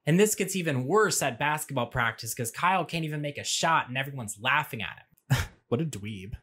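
A man's voice: mid-range voice, expressive, a little fast, sharp tone, slightly rough. A man recapping a movie for laughs, with sarcastic, wry asides. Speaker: movie commentary host. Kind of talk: comedic movie recap narration. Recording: audio glitch.

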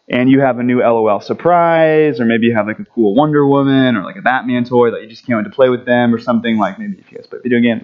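A man giving a children's story at a church service, friendly and animated, asking the kids questions as he goes. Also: medium pitch, muffled recording.

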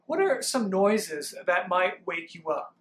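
A man leads young children through a Bible story as their pastor. He talks very slowly and gently. He pauses often for call-and-response lines. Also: high-pitched, big pitch swings, slight background noise.

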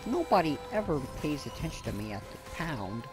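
A woman's voice: low-pitched, big pitch swings, a little fast, over music. A woman voicing a lonely stray space dog who begs to be adopted, in a goofy pleading way.

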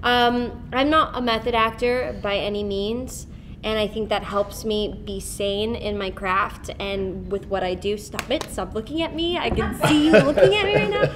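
A woman's voice: on the high side, normal speed. Giggly young woman on a noisy panel. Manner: giggly, chatty, many fillers. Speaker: actress on a convention panel. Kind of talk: fan convention panel Q&A. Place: convention hall.

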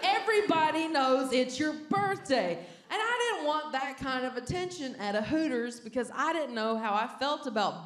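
A woman doing stand-up, telling a story briskly on a stage mic. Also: a little high, a bit bright. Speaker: stand-up comedian. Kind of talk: stand-up set. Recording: roomy stage with faint noise.

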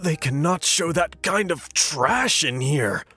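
Brief: cranky elderly woman, pitched up and whiny, bossy; a male narrator puts her on. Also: animated, takes it slowly, bright, forceful tone, husky, no echo, exaggerated voice. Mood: outraged. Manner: demanding, huffy and whiny. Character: shrill, indignant old woman moviegoer.

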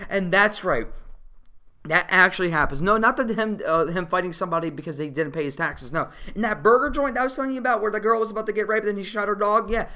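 A movie reviewer ranting casually about a film, profane and exasperated, laughing often and getting loud at times. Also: medium pitch, fast. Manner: animated, rising to loud outbursts.

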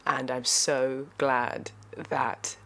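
A woman talking to viewers in a heartfelt thank-you vlog, emotional and halting as she expresses her gratitude. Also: very deep voice, little pitch movement, creaky, pushed and bright. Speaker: voice actor and YouTuber.

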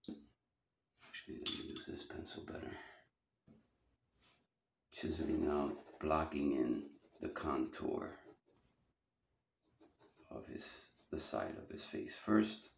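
A man's voice: rumbling low, vocal fry, reverberant, a little hiss or hum. A man teaching a drawing lesson, talking casually and thinking aloud as he sketches.

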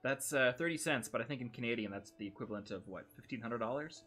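A man's voice: medium pitch, fast, pushed and bright, faint music behind. A man in his thirties co-hosting a casual game livestream, joking and often trailing off mid-sentence. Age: 30s. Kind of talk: casual gaming stream chat.

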